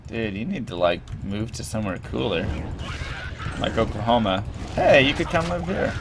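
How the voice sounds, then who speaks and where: A man's voice: lowish voice, lively intonation, normal speed, background noise. A man streaming a video game, chatting casually with a friend, joking and laughing a lot. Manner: jokey, laughs often, playful teasing. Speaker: streamer co-host. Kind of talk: casual gaming chat.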